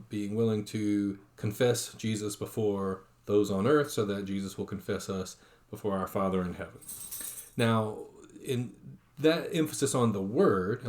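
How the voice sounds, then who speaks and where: Low-voiced man giving an online lecture. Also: a little mellow. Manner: reads quotations aloud, many fillers and restarts.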